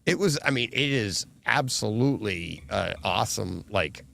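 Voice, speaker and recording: A man with a gravelly, fry-tinged voice talks in a loose, animated way, laughing often and circling back through his sentences. He sounds like a co-host in a casual chat with friends. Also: lowish voice, moderate pace. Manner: animated, laughing, rambling with fillers. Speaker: podcast co-host.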